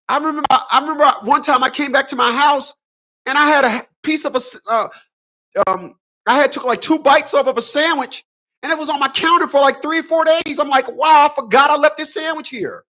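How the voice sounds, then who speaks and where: A man's voice: extremely high pitch, pushed and bright. A man hosting a relationship advice show, delivering a preachy solo monologue full of repeated rhetorical questions and emphatic short phrases.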